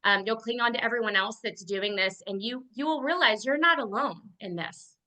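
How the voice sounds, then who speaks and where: A woman's voice: on the high side, normal speed, sharp tone, poor audio. A woman and team leader giving an earnest motivational testimonial on a video call, with a lot of "like" in her speech.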